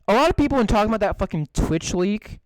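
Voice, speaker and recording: A man's voice: high-pitched, animated, fast talker, dry recording, low-quality recording. A young man co-hosting a podcast, ranting in casual chat with lots of swearing and fillers. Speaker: podcast co-host.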